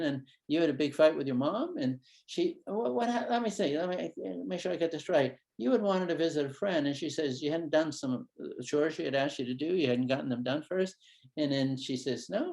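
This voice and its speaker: A man giving a conference keynote, acting out talks with a child in a gentle, wondering tone. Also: a little high, fairly quick, vocal fry. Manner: animated, acts out conversations with a child in a gentle, wondering tone. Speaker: keynote speaker, psychologist. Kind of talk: conference lecture with acted-out dialogues. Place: conference hall.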